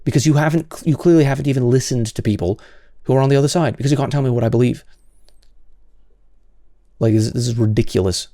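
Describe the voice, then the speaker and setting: A man's voice: medium pitch, fast, warm tone, no room sound, clean studio sound. A man hosting solo commentary, answering comments in an exasperated, sarcastic way with many stammered restarts.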